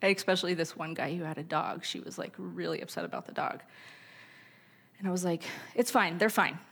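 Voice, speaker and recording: A woman's voice: lowish voice, fairly quick, creaky, fairly bright tone. Candid woman teaching on parenting. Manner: candid, anecdotal, with scripture quotes. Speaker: church speaker on parenting. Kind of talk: sermon-style teaching talk.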